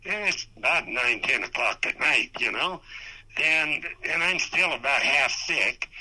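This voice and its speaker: Guy with a sharp bright voice, kinda high, swearing his way thru an old racing story. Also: lively intonation, slow, poor audio. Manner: rambling, profane storytelling, repeats "I says"; restarts and stammers often. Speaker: former race car driver. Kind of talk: anecdote told in an interview.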